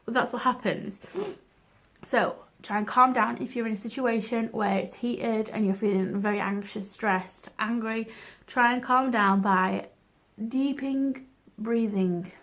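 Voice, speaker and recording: A woman's voice: a little high, steady tone, unhurried, fairly bright tone. A young woman giving frank, chatty advice in a casual vlog, laughing at herself now and then. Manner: chatty, frank, self-deprecating. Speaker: vlogger.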